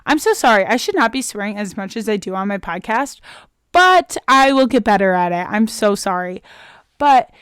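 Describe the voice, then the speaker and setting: Young woman doing her own podcast, kinda high voice, chatty and emotional, lots of "like", super dry close sound. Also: expressive, normal speed, clean tone, no echo. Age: young adult. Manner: chatty and earnest, many "like" fillers; openly emotional, self-motivating. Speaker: podcast host. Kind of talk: casual solo podcast monologue.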